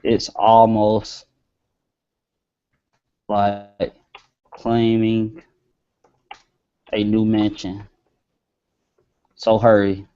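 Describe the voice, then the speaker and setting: Guy walking thru a webinar lesson, deepish dark voice, dull lo-fi sound, talks loose and casual. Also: monotone, drawn-out words, long pauses, smooth. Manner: casual, talks while typing, stretches words as he dictates. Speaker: marketing webinar host. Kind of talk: screen-share tutorial.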